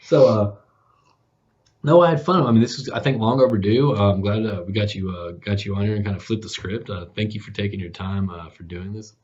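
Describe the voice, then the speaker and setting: A man's voice: fairly low pitch, fairly quick, a little mellow. A man who hosts a podcast, telling casual stories with lots of restarts and fillers, laughing at his own jokes. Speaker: podcast host, guest this episode. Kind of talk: casual storytelling chat. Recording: dull lo-fi sound.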